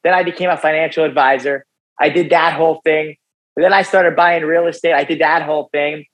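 A young man, a guest on a podcast, telling his personal story in a casual, animated way, often tossing in "dude" and "right?". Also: on the high side, brisk, rough recording. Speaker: podcast guest, youth motivational speaker.

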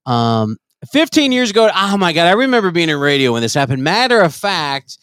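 A man's voice: a little high, very animated, a little fast, a bit bright, smooth, no room sound. A middle-aged man co-hosting a comedy podcast, brash and profane, ranting in casual chat. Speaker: podcast co-host.

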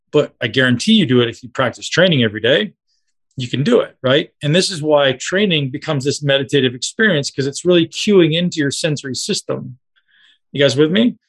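A man's voice: mid-range voice, a bit bright, slightly rough. A man coaching a group on a call, talking casually and directly to his listeners.

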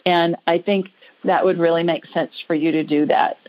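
A woman's voice: fairly low pitch, steady tone, normal speed, muffled recording, slight background noise. A woman hosting a call-in radio show as a psychic, chatty and reassuring with callers.

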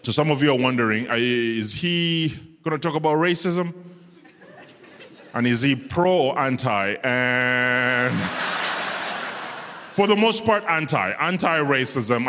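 A man's voice: high-pitched, sharp tone, a little hiss or hum. A man doing a stand-up comedy set on a stage before a live audience, acting out quoted voices and asking "do you understand?" again and again. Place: large music hall before a live audience. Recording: live hall with long reverb.

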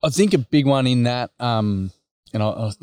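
A man's voice: medium pitch, normal speed, darkish tone, clear, resonant tone, no echo, clean studio sound. A man with an Australian accent, a workshop facilitator, speaking frankly and casually in an interview, acting out quotes as he tells stories. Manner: blokey, frank, storytelling with acted quotes.

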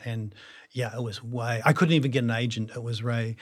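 A man's voice: mid-range voice, fairly even intonation, fairly quick. A middle-aged man with a New Zealand accent, a guest actor reflecting in a casual interview and often restarting his sentences. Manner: reflective, self-deprecating, many restarts.

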